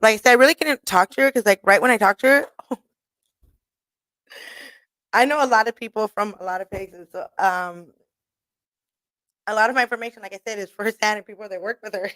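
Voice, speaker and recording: A woman's voice: medium pitch, brisk, pauses often, a bit bright, no echo. Blunt, laughing woman host. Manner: blunt, profane, laughing often. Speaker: radio show host. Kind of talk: casual monologue. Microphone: studio mic.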